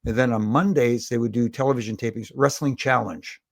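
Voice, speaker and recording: Middle-aged guy, gravelly voice, dry close sound, rambling war stories on a podcast call. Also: mid-range voice, brisk, dry recording. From Toronto, Canada. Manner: rambling, animated anecdotes with many restarts. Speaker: guest, former wrestling referee. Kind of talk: casual storytelling interview.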